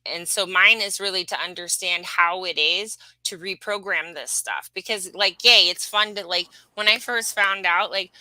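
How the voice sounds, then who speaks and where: A woman's voice: mid-range voice, steady tone, moderate pace, bright, forceful tone, dry recording, rough recording. A woman reading human design charts, talking casually and emphatically, rambling with fillers. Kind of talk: casual spiritual teaching chat.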